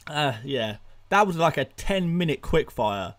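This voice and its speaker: A young fantasy football streamer, voice a little high, rattles off quick answers to viewer questions on his live stream. He's excitable, laughs often, and sometimes runs out of breath.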